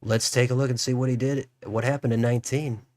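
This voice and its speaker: A man's voice: medium pitch, steady tone, fast, darkish tone, no room sound, clean studio sound. A man hosting a political livestream, musing aloud as he reads out election results. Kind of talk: live election results commentary.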